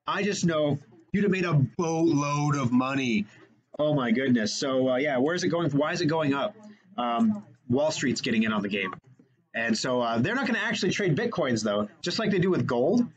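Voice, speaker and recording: A man hosting a radio show, talking fast and energetically in casual chat and correcting himself as he goes. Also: fairly high pitch, lively intonation, dull audio.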